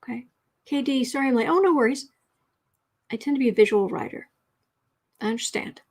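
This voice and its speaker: A woman with a slightly high voice hosts a casual writing livestream from her desk. She teaches in a chatty, unhurried way and thinks out loud as she goes. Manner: chatty, reads chat messages aloud, thinks out loud.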